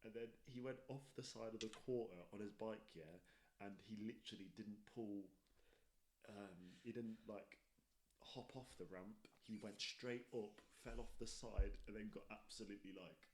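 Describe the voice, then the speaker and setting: A young man from England, a podcast guest telling excitable stories and swearing as he goes. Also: fairly low pitch, moderate pace, a little hiss or hum. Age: young adult. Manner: excitable storyteller, swears a lot. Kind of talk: casual chat.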